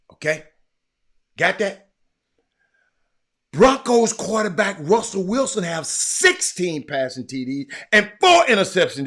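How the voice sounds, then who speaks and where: Man, live-stream host, high voice, swoops all over, teases chat by name. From Texas. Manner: animated, teasing viewers by name, often shouting. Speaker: livestream host talking sports.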